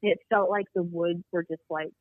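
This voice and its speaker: Calling in to an interview over a tinny, dry phone line, a woman recounts an eerie Bigfoot encounter from her own life. She's animated and rambling, acting out what people said, in a fairly low voice at normal speed.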